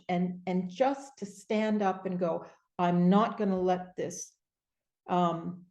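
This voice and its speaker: Warm-voiced woman host, roomy sound. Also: fairly low pitch. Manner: effusive, halting, tearful at times. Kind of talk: emotional interview chat.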